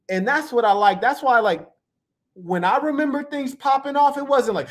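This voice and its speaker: A man hosting a live reaction stream with casual commentary. He speaks in a slightly high voice and keeps things loose and playful with plenty of slang. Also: animated, normal speed. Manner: laid-back, playful, slang-heavy. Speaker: livestream host.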